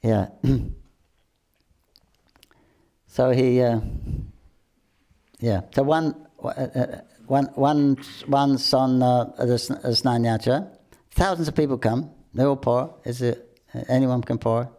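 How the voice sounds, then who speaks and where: An older man shares devotional temple stories in a relaxed, casual talk. He halts and restarts often, clears his throat and chuckles along the way. His voice is gravelly and mellow, at an ordinary pitch. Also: a little slow.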